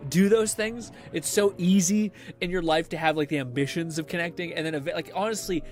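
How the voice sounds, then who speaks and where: A young man hosts a gaming livestream, rambling casually and swearing and laughing often as he chats. His voice is a little high and a little fast, with soft music in the background.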